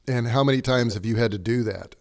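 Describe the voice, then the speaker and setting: A man's voice: medium pitch, a little fast, vocal fry. A man hosting a podcast, putting direct questions to his guest. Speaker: podcast host. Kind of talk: interviewing a guest.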